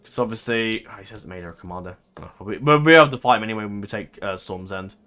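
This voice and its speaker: Bright-voiced man rambling over gameplay. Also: lowish voice, lively intonation, fast talker. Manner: rambling, thinks aloud, swears and laughs easily. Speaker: gaming commentator. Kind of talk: casual let's-play commentary.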